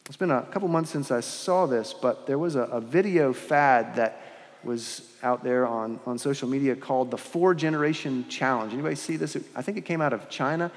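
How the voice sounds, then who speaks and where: A man preaching a sermon in a measured, earnest way, with pauses and restarts, in a large church. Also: medium pitch. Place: large church with long reverb. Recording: long hall reverb.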